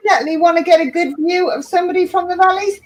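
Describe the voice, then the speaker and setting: A woman's voice: very high voice, steady tone, racing, rough recording. A woman with a Welsh accent chatting bluntly and sarcastically as co-host of a live stream. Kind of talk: casual chat.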